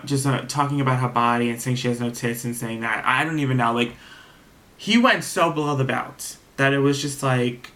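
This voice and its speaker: A man casually recapping a reality TV episode, animated and profane, acting out the cast's lines as he retells each scene. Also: medium pitch.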